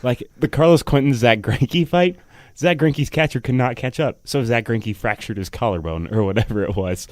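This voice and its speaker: A young man co-hosting a sports podcast, talking casually in a blunt, excitable, profane way. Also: medium pitch, normal speed, no room sound, studio quality. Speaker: podcast co-host.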